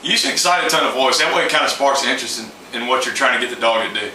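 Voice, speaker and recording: A man's voice: mid-range voice, quick pace, hardly any pauses, sharp tone, roomy sound, recorded from a distance, a little hiss or hum, poor audio. A man giving a plain, informal how-to talk on training his dog, folksy and loose with fillers.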